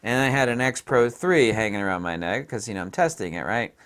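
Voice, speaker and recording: A man's voice: on the low side, brisk, fairly bright tone, smooth. A middle-aged man from the American South, telling blunt, casual stories about a trip and laughing at his own punchlines. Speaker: photography vlogger. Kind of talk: casual storytelling.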